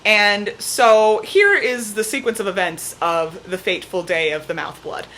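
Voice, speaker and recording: A young woman vlogging at home, telling a story in a chatty, animated way, saying "like" often, with her cat on her lap. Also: medium pitch, a little slow, slight background noise. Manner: chatty, peppered with "like", animated retelling. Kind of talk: casual storytelling to camera.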